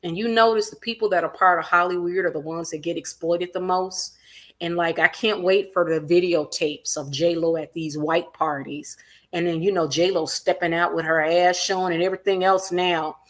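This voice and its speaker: A woman hosting a celebrity gossip livestream, animated and emphatic, repeating her points and reading viewer comments aloud. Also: fairly low pitch, normal speed. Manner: animated, acts out quotes in other voices, reads viewer comments aloud; emphatic repetition.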